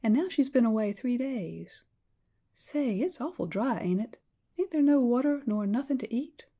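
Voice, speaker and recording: A small girl of about five, earnest and childlike, dropping her grammar in a rustic way, as a woman reads her. The voice sits high and mellow. It comes from a storybook reading. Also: expressive, moderate pace. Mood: plaintive.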